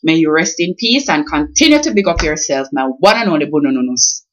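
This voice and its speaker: A woman's voice: sits low, animated, brisk, lo-fi sound. A woman from Jamaica with a Jamaican accent, talking casually to camera and switching between English and patois. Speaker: vlogger. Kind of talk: casual vlog with a recited poem.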